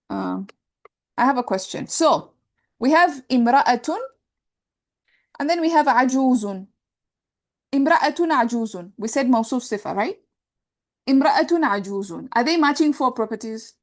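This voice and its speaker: A woman's voice: fairly high pitch, animated, unhurried, pauses often. A woman teaching an Arabic grammar class, explaining terms step by step and often checking understanding with "right?" and "yeah?". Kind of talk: classroom lecture.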